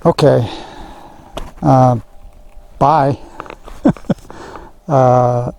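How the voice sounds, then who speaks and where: A laid-back man from Southern California drawls slowly in a dark, gravelly voice. Faint noise sits behind him. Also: mid-range voice, fairly even intonation, low-quality recording. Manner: slow, laid-back, chuckling. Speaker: phone call recipient.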